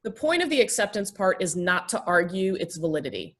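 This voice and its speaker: A woman's voice: medium pitch, very animated, brisk. A woman minister and therapist, a guest in an interview, explaining things thoughtfully with frequent ums and restarts. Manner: acts out example dialogue in a lifted, gentle voice.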